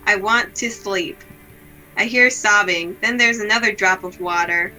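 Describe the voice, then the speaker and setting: A woman reading aloud the lines of a gloomy, self-blaming young woman from a visual novel, in a slow, subdued, melancholy way. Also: mid-range voice, pushed and bright, faint music behind, poor audio.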